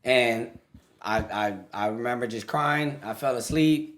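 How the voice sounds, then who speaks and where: A man's voice: medium pitch, unhurried, fairly bright tone. A young adult man, a podcast guest telling his life story in candid, profane casual talk and laughing through it.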